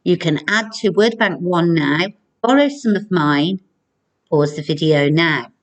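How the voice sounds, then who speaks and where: A woman primary school teacher giving a recorded video lesson, speaking clearly and encouragingly to children. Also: lowish voice, animated. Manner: slow, clear, encouraging classroom delivery.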